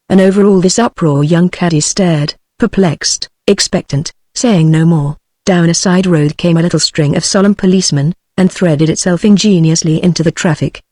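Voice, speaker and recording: A text-to-speech voice reading a novel aloud as an audiobook narrator, with an even synthetic delivery. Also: mid-range voice, normal speed, few pauses, dry recording. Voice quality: synthetic, evenly paced machine voice.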